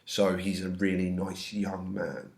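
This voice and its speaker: A man's voice: sits low, level tone, measured pace, vocal fry, darkish tone. A man teaching an English class, reading lines from a play and then explaining them in casual everyday words, sounding slightly under the weather. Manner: reads verse aloud then paraphrases in casual slang. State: slightly ill.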